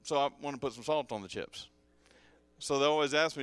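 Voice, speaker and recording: A man's voice: mid-range voice, fairly quick, a bit bright, clean tone, no echo, faint music behind. A male pastor preaches a sermon to his congregation, calling out for responses and mixing in jokes and casual asides. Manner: joking, conversational asides. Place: church sanctuary with congregation.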